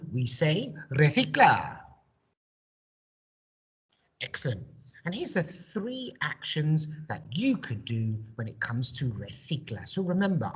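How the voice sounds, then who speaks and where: A woman's voice: rumbling low, a bit bright, slightly rough. A woman, a primary school teacher recording a home-learning language lesson, encouraging and drilling words with call-and-response.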